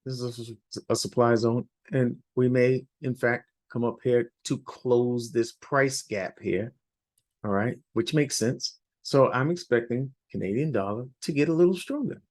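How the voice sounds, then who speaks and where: A hoarse man presenting a weekly forex outlook over charts, rambling a little and often checking in with "all right?". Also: medium pitch, unhurried, darkish tone. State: hoarse, losing his voice. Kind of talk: unscripted chart walkthrough.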